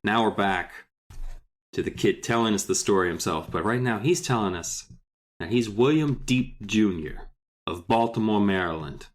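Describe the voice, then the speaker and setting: A man co-hosting a casual book podcast, joking and animated as he retells a plot. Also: fairly low pitch, normal speed. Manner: joking, animated, slips into silly put-on voices. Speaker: podcast co-host.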